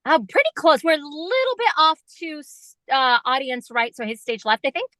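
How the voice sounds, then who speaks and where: A high-pitched woman recounts a memory in an interview, rambling excitedly and packing her sentences with fillers. The sound is close and dry, with no room around her. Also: normal speed, no room sound. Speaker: guest fan. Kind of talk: animated storytelling interview.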